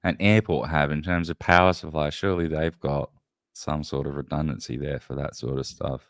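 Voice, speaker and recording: A very deep-voiced man hosts a casual chat, cursing freely and cutting himself off mid-sentence. The sound is dry and close, with no room behind it. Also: steady tone, normal speed, a bit bright, no room sound. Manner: rambling, profane, self-interrupting. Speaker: podcast host. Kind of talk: casual chat while showing clips.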